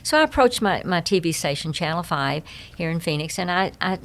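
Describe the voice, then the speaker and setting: A woman's voice: fairly low pitch, fairly quick, a little hiss or hum. An older woman with a Southern US accent, telling stories as a guest in a casual interview with folksy jokes and sayings. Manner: animated, joking, folksy sayings. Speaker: guest, humorist and speaker.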